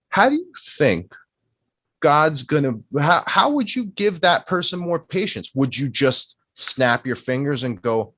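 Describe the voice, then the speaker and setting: A man's voice: medium pitch, lively intonation, unhurried, fairly bright tone, no echo. A man in casual podcast chat, musing aloud and posing rhetorical questions.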